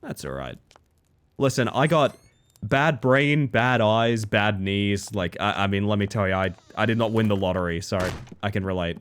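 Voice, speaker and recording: A young man from Australia, a streamer talking casually with his chat, animated and swearing freely. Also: lowish voice, moderate pace, clean tone.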